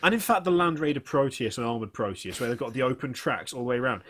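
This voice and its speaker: Male co-host, mid pitch, rambling excitable storyteller. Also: fast. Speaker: podcast co-host. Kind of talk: casual gaming chat.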